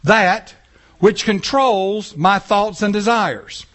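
A man preaching a sermon in church, animated, with casual asides and rhetorical questions to the congregation. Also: high voice, takes it slowly. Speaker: pastor. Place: church sanctuary.

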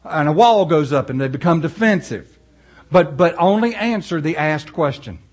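A male pastor, preaching in a folksy, animated way with storytelling asides. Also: on the high side, moderate pace, lo-fi sound. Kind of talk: sermon.

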